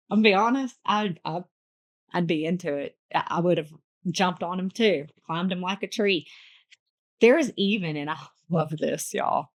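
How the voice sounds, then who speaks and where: A woman hosting a podcast, reviewing a book in a bubbly, playful, chatty way with lots of asides. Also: fairly low pitch. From United States. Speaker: podcast host. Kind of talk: casual book review chat.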